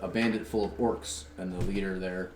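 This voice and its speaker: A man's voice: deep voice, steady tone, normal speed. A man playing in a tabletop game, teasing and joking with his friends. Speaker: player. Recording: roomy, distant mic with clear noise.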